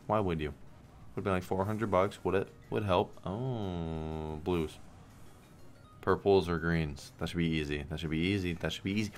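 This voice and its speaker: A man's voice: low-pitched, fairly even intonation, a little slow, long pauses, faint music behind. A young man streaming slot games, talking casually to the game and his viewers, swearing, pleading and sarcastic. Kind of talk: casual gambling stream commentary.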